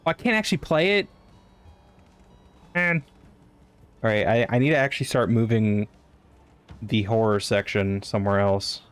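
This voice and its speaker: A man streaming a game, chatting casually with his chat, excitable and swearing loosely. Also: fairly low pitch, moderate pace, long pauses, clean tone, faint music behind. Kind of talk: casual live-stream chat over gameplay.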